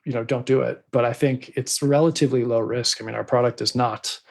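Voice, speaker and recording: A man's voice: medium pitch, steady tone, fairly quick, gravelly. A man appearing as a podcast guest who talks about book promotions in a loose, chatty way full of fillers and asides. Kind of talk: casual podcast conversation.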